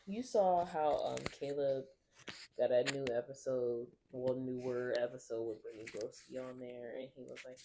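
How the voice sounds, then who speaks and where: A woman's voice: extremely low pitch, normal speed, crowd noise. A young woman co-hosting a podcast in casual chat, telling stories and laughing often. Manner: animated storyteller who acts out other people's voices. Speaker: podcast co-host.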